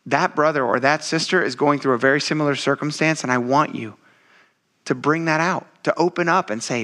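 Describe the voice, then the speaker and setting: A man preaching a conversational sermon, animated and laughing often, dropping to low quiet asides and rising into excited stretches. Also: a little fast. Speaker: pastor.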